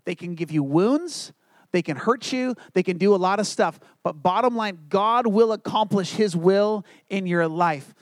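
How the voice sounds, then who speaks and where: Earnest high-voiced male pastor preaching. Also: a little slow, no room sound. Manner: earnest storytelling, drops to hushed low tones for quotes and emphasis. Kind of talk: sermon.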